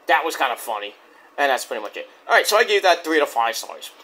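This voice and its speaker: A man's voice: fairly high pitch, big pitch swings, fast talker, sharp tone. A man casually recapping a wrestling show, rambling and swearing as he retells each segment. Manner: loose, profane play-by-play retelling; rambling with frequent restarts.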